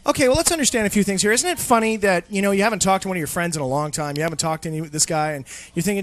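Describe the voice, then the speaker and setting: A young man hosting an internet radio show, delivering a profane, shouting live rant. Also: high voice, animated, rapid-fire, hardly any pauses. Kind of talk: ranting live radio talk.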